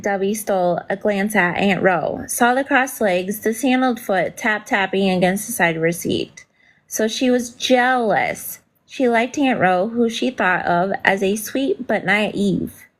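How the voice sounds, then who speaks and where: A woman's voice: mid-range voice, poor audio. A woman reading a novel aloud during a casual stream, with brief asides and spelled-out words.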